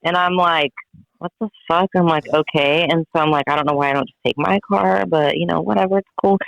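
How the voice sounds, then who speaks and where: A man telling a story in a casual chat, animated and profane, acting out what everyone said. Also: on the high side, fast, gravelly, dry recording, highs cut off. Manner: animated, profane, dramatic retelling with quoted voices. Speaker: guest friend telling a story.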